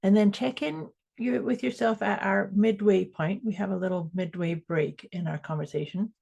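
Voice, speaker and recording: A woman with a Scottish accent, co-hosting a casual podcast chat remotely, playful and quick to laugh. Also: medium pitch, fairly even intonation, gravelly, husky. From Scotland. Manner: warm, playful, laughs often. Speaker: podcast co-host. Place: home in Canada, remote call.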